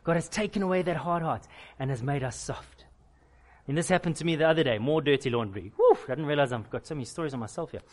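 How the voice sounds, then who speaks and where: Pastor, male, slightly high voice; candid, emphatic sermon delivery with stacked lists. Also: fast talker, darkish tone. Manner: candid personal storytelling with emphatic repeated lists.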